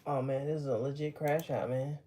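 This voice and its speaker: A man's voice: medium pitch, fairly even intonation, a little fast, mellow. A young man, out of breath after a run, chatting casually on a livestream in a tired, rambling way.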